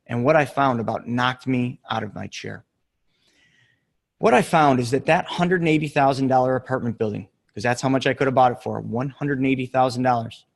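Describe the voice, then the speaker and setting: A middle-aged man giving an earnest motivational talk, telling a story with emphatic pauses. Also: mid-range voice, vocal fry. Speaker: real estate investor and coach.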